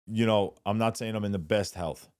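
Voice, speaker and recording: A man's voice: on the low side, moderate pace, a little mellow, clean tone. A man co-hosting a podcast, throwing in sarcastic teasing jabs during casual chat. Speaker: podcast co-host.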